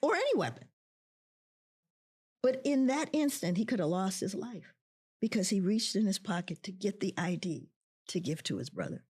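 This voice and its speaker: In a mid-range, sing-song voice that's a little mellow and husky, a middle-aged social work professor tells an emotional personal story at a moderate pace with long pauses. She's impassioned, acts out quoted voices, and repeats lines for emphasis.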